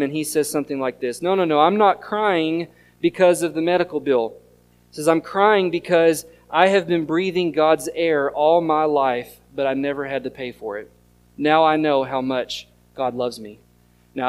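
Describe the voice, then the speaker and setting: A pastor, preaching an earnest sermon that mixes scripture reading and storytelling. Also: male voice, on the high side, normal speed. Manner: earnest teaching tone, reads scripture aloud and tells stories.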